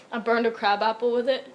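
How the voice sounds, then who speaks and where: A young woman chatting casually, telling animated childhood stories with lots of laughing and some swearing. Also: on the high side, normal speed, a little hiss or hum. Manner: animated storytelling, laughing, acts out childhood quotes. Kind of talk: casual chat.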